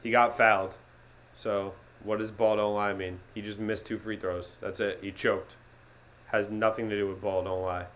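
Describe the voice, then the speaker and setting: A young man hosting a live sports reaction stream, swinging from gloomy muttering to excited yelling and talking to his chat. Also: on the low side, normal speed. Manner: talks to chat viewers by name.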